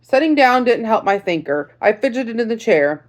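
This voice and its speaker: A woman narrating a first-person audiobook in a measured, reflective storytelling manner. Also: fairly high pitch, animated.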